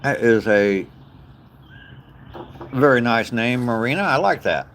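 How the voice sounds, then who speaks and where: A man's voice: medium pitch, lively intonation, a little slow, a bit bright, slight background noise. An older man chatting casually on a livestream while walking outdoors, greeting viewers by name and chuckling at their comments. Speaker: livestreamer reading viewer chat. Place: outdoors on a walk.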